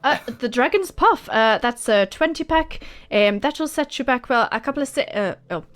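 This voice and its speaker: A woman voicing a flamboyant male tiefling shopkeeper who is fussy and chatty, with a high, fluttery, hesitant delivery. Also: expressive, normal speed, fairly bright tone, soft background music.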